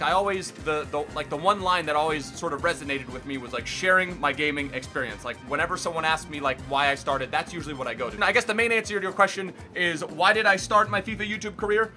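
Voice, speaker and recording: A young man chats through a casual vlog Q and A from his bedroom, talking fast in a bright, forceful voice. He keeps it loose and energetic, jumping into loud excited bursts, with faint music under him. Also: a little high. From Miami, United States. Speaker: gaming YouTuber host. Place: bedroom at home.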